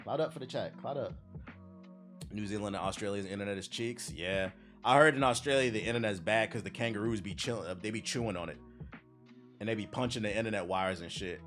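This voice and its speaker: Young man, livestream host, casual joking chat, very expressive pitch, faint background music. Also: brisk. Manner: animated, joking, profane, reads chat aloud.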